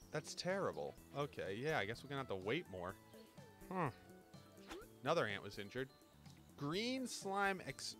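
Talking over his gameplay, a man in his twenties with a somewhat high, slightly bright voice rambles casually through joking stories. He is a gaming YouTuber offering relaxed commentary.

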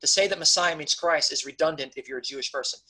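Male Bible teacher, husky voice, casual lecturing style, stresses key points. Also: on the high side, fast talker, pushed and bright, rough recording. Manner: conversational, repeatedly checks in with "okay?"; emphatic on key points, frequent restarts. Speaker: pastor teaching a Bible study.

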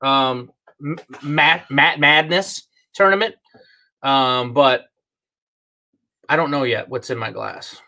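Brief: laid-back middle-aged male host, forceful bright tone, joking and reading out comments. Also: mid-range voice, slow, long pauses. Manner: relaxed, joking, reads viewer comments. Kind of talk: casual live-stream chat.

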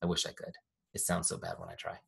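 Husky-voiced man teaching an online training. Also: deep voice, completely flat delivery, fast talker. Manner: upbeat, chatty, self-deprecating jokes. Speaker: software trainer. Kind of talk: live online training with screen demo. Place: home office. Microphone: desk microphone.

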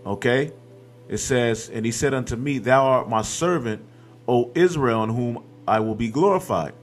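A man's voice: mid-range voice, normal speed. Guy preaching off scripture, keeps saying okay and man, faint music underneath. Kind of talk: scripture-reading sermon.

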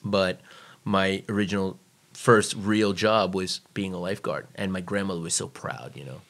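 The guest, an American who served in the Navy, has a low but fairly bright voice with steady intonation at a normal speed. His casual podcast stories are frank, full of profanity, and punctuated by performed quotes.

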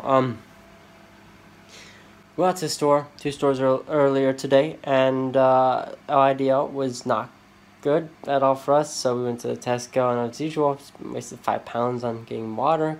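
Holding his phone, a vlogger talks casually around his rental house and the surrounding streets in a medium-pitched voice with fairly even intonation and a moderate pace. The audio is poor; he rambles, grumbles and uses lots of fillers.

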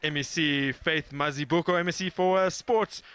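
A man presenting sports coverage of a youth tournament final in an upbeat, smooth way. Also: a little high, moderate pace, hardly any pauses, a bit bright, faint music behind. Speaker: sports broadcaster. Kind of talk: sports commentary.

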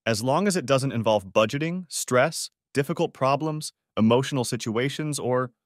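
A man's voice: medium pitch, moderate pace, dry recording, studio quality, pitched above the performer's own voice, natural voice. A man voicing a betrayed husband who speaks in a weary, bitter and self-mocking way in an audiobook. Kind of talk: audiobook character voice.

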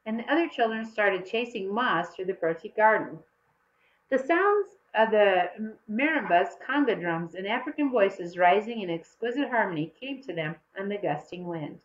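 A woman reading a children's story aloud, changing her voice to act out the young characters. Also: dull audio. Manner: expressive, shifts pitch to act out children's voices. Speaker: audiobook reader. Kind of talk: storybook narration.

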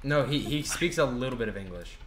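A man's voice: mid-range voice, animated, a little fast, a loud crowd. A man hosting a casual gaming voice chat, exasperated as he directs the others through a scene. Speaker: channel host directing a game video.

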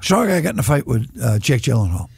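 A man in his sixties with a Boston accent, a comedian telling profane, animated stories in a casual interview. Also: mid-range voice, fast talker, gravelly, slightly rough, no echo. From Boston area. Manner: profane, animated anecdote-teller who acts out quotes. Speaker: guest comedian.

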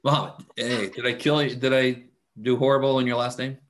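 A man's voice: medium pitch, fairly quick, a little hiss or hum. A man teaching a math class over a video call, talking casually with lots of fillers while taking roll. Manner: relaxed, chatty, many fillers. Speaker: math instructor. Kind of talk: casual online class talk. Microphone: computer mic on video call.

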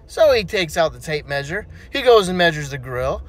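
A man's voice: on the high side, sing-song, moderate pace. A man telling dirty jokes, acting out the voices as a playful storyteller. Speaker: joke teller.

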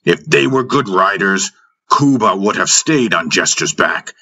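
A man's voice: low voice, measured pace, sharp tone, full character voice. A man voicing a cruel, arrogant young warrior who speaks with scorn and contempt. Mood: scornful. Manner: scornful, dismissive.

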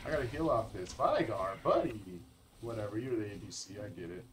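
A man's voice: fairly low pitch, animated, fairly quick, a little hiss or hum. A man from Colorado giving casual, laid-back commentary over his own gameplay, calling people "dude" and "bro" as a channel host. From Colorado, United States.

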